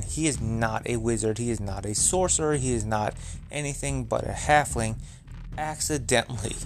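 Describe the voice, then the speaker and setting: Brief: male podcast host, casual rambling recap, heavy swearing. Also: mid-range voice. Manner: rambling, profane, filler-heavy.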